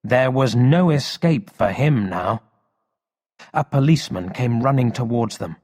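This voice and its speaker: A man slowly reading a story aloud for English learners, with expressive storybook delivery. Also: mid-range voice. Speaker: story reader. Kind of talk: slow read-aloud narration for English learners. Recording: long hall reverb.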